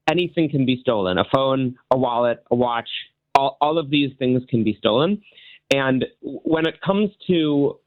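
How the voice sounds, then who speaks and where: A man's voice: medium pitch, dry recording. A man appearing as a guest magician on a radio show, explaining things earnestly. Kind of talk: interview over the phone. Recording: tinny phone line.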